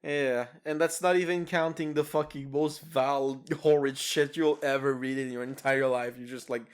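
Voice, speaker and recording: A man's voice: medium pitch, moderate pace, few pauses, smooth. A man from Ireland co-hosting a comedy podcast, ranting with lots of swearing and laughter. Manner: swearing, laughing, gets loud and shouty when ranting. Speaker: podcast co-host. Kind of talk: casual comedic rant.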